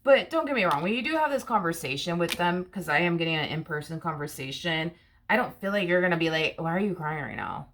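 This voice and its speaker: A woman's voice: fairly low pitch, expressive, fast, fairly bright tone. A woman giving a casual tarot reading to camera, repeating herself with rhetorical questions and many fillers. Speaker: tarot reader.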